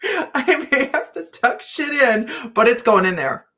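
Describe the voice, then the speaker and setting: A woman's voice: fairly high pitch, sing-song, a little slow, sharp tone. A middle-aged woman hosting a casual live chat with viewers, chatty and self-mocking, breaking into laughter often. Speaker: host of a psychic live chat.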